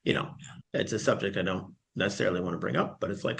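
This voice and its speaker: A man in his late forties chatting casually, telling stories with animated reenactments and bursts of laughter. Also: low-pitched, fast, creaky. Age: 40s. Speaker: podcast guest. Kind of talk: casual chat.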